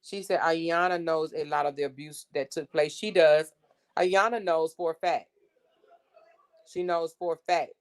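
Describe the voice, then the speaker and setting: A woman's voice: sits low, steady tone, unhurried, clean tone. A woman hosting a casual livestream, reading text messages aloud to her viewers in an exasperated, blunt way and swearing freely. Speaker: livestream host.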